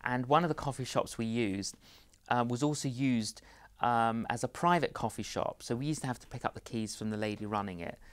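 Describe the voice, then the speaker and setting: A middle-aged male evangelist shares personal stories in an interview. He talks at an average pitch, and he jumps into the voices of the people he quotes. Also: a little fast. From London. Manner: animated storyteller, acts out both sides of conversations. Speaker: evangelist guest. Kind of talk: anecdotal interview storytelling.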